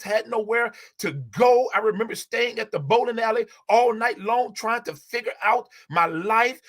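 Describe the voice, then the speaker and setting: A man's voice: sits high, fairly bright tone. Emotional man preaching on a live stream. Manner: preacher-like repetitive cadence, emotional. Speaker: livestream host. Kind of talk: heartfelt inspirational live-stream talk.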